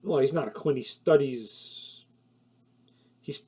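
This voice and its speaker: A man's voice: mid-range voice, takes it slowly, mellow, husky. A man giving a casual spoken film review, rambling with many fillers and self-corrections, and sometimes laughing at his own points. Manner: laughs at his own points, gets heated when annoyed.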